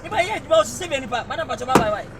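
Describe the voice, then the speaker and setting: A Ghanaian man in a street comedy skit talks fast in a very high voice that rises and falls a lot. He is playful and repeats syllables over and over. A crowd and road noise are clearly heard behind him. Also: expressive.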